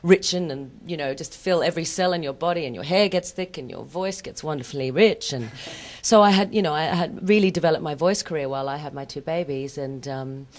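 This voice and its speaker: Low-voiced chatty woman. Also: fairly quick. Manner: chatty storytelling, fond of self-deprecating asides. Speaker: actress interviewed as a guest. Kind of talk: casual interview chat.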